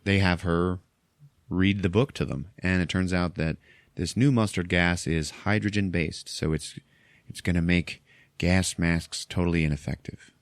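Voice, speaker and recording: A low-voiced man hosts a podcast, retelling a movie in a loose, chatty way. He laughs often, swears casually and slips into the characters' lines. His voice is close and dry. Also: moderate pace, no echo. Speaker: podcast host.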